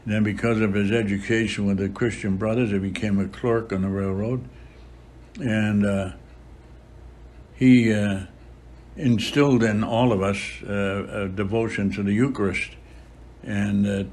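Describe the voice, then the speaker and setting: A centenarian priest tells his memories slowly, stopping often to gather his words. His voice sits somewhat low, and a faint hiss runs behind him. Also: steady tone, a little mellow. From Boston area, USA. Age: about 100. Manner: unhurried storytelling with frequent filler pauses. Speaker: priest, interview guest. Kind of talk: reminiscing in an interview.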